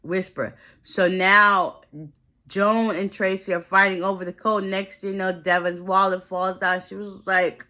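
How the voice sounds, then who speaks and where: A woman's voice: mid-range voice, level tone, measured pace, sharp tone. A woman casually recapping a movie plot in a chatty, slangy way, acting out the characters' lines as she goes.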